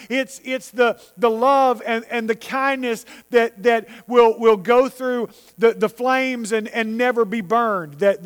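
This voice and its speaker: High-voiced man preaching in a reverberant hall. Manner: earnest, stammering restarts, slows for emphasis. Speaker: pastor. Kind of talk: sermon. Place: church sanctuary.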